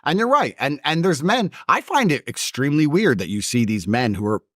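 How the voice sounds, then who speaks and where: Blunt male guest, mimics others mid-story, very lively intonation. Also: on the high side, brisk, no echo, clean studio sound. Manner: blunt, swears, mimics other people's voices in his stories. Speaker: interview guest. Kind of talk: forceful opinionated conversation.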